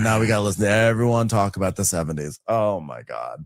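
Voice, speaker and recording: A man co-hosting a casual recap podcast from home, animated and quick to mimic people in high mocking voices. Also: no room sound, clean studio sound. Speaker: podcast co-host. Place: home room.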